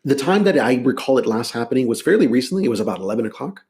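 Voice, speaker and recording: A man's voice: medium pitch, very fast. Middle-aged musician guy from la, laid back, tells stories with lots of ums. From Los Angeles. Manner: relaxed storyteller, many fillers and restarts. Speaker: guest musician. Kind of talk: casual interview.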